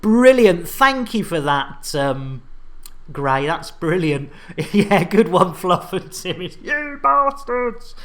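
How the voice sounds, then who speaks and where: A man's voice: a little high, expressive, takes it slowly. An English man streaming a space game live, chatting and joking with viewers as he reads their messages. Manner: jokey, chatty, banter with viewers.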